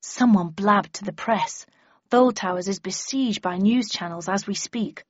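A woman voicing a colleague who passes on news over the phone in a measured, matter-of-fact way. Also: medium pitch, slightly rough, no room sound, highs cut off. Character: hurried colleague passing on office news by phone.

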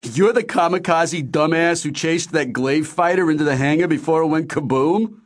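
A man voicing a brash young male pilot with a Philadelphia accent, loud and crude in an audiobook. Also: on the high side, normal speed, voice pushed up, lightly acted. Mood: incredulous.

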